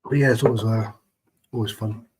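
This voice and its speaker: A man's voice: fairly low pitch, steady tone, a little fast, a little mellow, husky, low-quality recording. A man chatting casually on a live stream, greeting viewers and reading their messages in a laid-back, chummy way, keeping his voice down.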